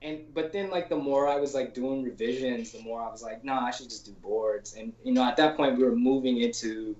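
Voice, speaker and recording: A man's voice: mid-range voice, brisk. A man guest on a podcast, a storyboard artist telling stories in a loose, slangy way, full of "like" and casual swearing, and acting out the people he quotes. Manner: acts out quoted people in animated voices. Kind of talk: casual anecdotal storytelling in an interview. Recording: roomy, dull lo-fi call audio.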